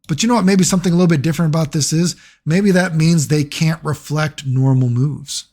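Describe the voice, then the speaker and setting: Husky man ranting about fighting games. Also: a little high, a little fast, warm tone. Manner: rambling, sarcastic, swears freely. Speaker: gaming YouTuber. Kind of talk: casual commentary.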